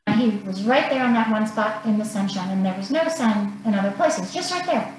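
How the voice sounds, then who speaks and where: A woman guest on a podcast telling a rambling story in a casual, animated way. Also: medium pitch, fairly quick, faint music behind. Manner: animated, rambling, laughs between lines. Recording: very echoey room, faint noise.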